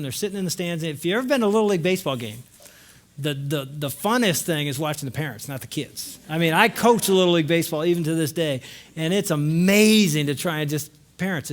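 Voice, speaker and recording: A middle-aged man telling a story to a live audience at a marriage conference, acting out voices and shouting lines. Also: fairly high pitch.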